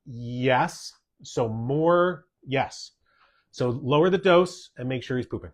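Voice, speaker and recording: Male doctor-host, mid-pitched, chatty Q&A delivery, drives points home by repeating them. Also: takes it slowly. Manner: emphatic, repeats key points, tags sentences with "okay?". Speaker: doctor hosting a podcast. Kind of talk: casual podcast Q&A, answering listener questions.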